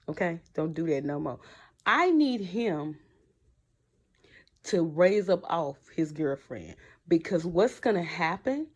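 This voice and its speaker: A woman with a slightly low voice recaps a TV episode in loose, casual chat. She is blunt and slangy and speaks straight to her viewers. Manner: blunt, slangy and animated, talks to viewers directly. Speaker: TV episode reviewer.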